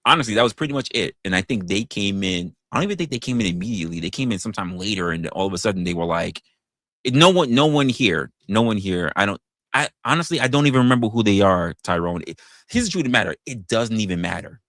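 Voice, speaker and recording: A man chatting casually on a livestream, his pitch swinging widely as he rants. He stumbles and restarts, then breaks into incredulous, profane outbursts. The sound is dry and close, with no room around it. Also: no room sound. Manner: animated, rising to incredulous outbursts, swears freely; halting restarts. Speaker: streamer. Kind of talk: casual chat, venting on a livestream.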